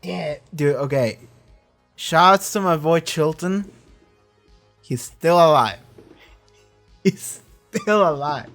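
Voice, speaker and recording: A man with a hoarse, cracking voice hosting a casual reaction review, rambling and swearing freely. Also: a little high. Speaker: reaction video host.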